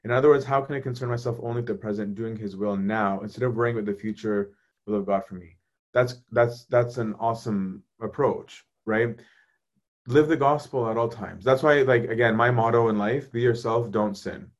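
A man, a priest, talking casually about faith and answering viewers' questions in a conversational, animated way. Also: medium pitch, normal speed. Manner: conversational, animated, often asks "right?".

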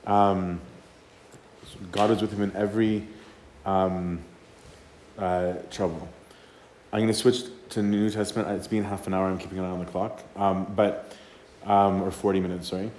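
A male priest delivers a casual, conversational talk in a lowish voice, checking in with "right?" and voicing the people in his stories. The room is echoey, with a faint hum of ambience behind him. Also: level tone, normal speed, darkish tone. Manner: conversational, keeps asking "right?", acts out quotes. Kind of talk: informal sermon talk.

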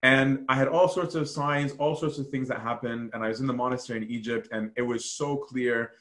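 A man's voice: mid-range voice, a little fast. A man casually telling monastery stories, full of fillers and acted-out quotes. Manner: animated storytelling, acts out quoted voices, frequent fillers. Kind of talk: casual storytelling talk.

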